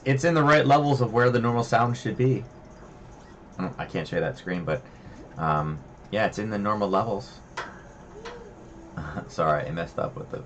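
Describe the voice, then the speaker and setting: Male stream host, low and lively, loose rambling chat style. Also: a little hiss or hum. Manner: rambling, chatty, many fillers. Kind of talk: casual livestream chat. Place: home desk.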